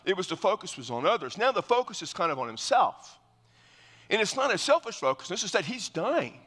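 A man's voice: high voice, very animated, fairly quick, fairly bright tone, slightly rough, in a large hall. A male pastor preaching verse by verse in an earnest, explanatory way, often restarting his phrases. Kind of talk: verse-by-verse sermon.

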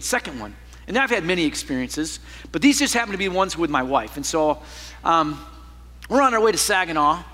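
A man preaching a sermon as a pastor, telling a personal story with animated swings from loud to hushed. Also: high-pitched, big-room sound.

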